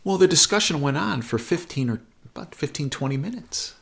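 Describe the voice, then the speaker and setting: Hosting a show, a man tells a personal anecdote in an earnest, conversational way, acting out both sides of a remembered conversation. His voice is a little high, brisk, creaky, and a bit bright, with lively intonation.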